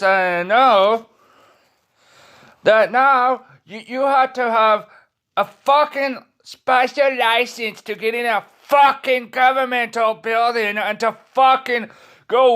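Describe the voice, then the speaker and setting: A man's voice: very high voice, steady tone, takes it slowly, bright, forceful tone, clear, resonant tone. A man delivering a furious, profanity-filled rant to the camera, swearing nonstop and tripping over his words. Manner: furious, swearing constantly, stumbling restarts.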